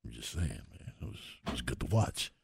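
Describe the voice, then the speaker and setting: A man's voice: extremely low pitch, sing-song, fairly quick, vocal fry, husky, dry recording, clean studio sound. A man co-hosting a sports radio show, talking casually and laughing often as he rambles.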